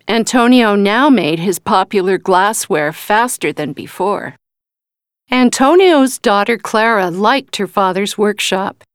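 Slow, careful woman storybook reader. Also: medium pitch, no room sound, studio quality. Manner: slow, careful, clear reading. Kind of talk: storybook reading.

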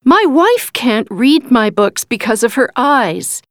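A woman voicing an excited gentleman writer in a storybook reading. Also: fairly high pitch, takes it slowly, no room sound, studio quality. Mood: amazed. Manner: excited, exclaiming. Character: amazed older gentleman writer.

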